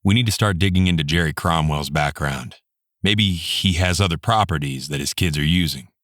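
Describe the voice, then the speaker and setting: A blunt, determined male bodyguard, a former soldier, voiced by a male audiobook narrator. Deep, dry and close. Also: moderate pace, a bit bright, dry recording.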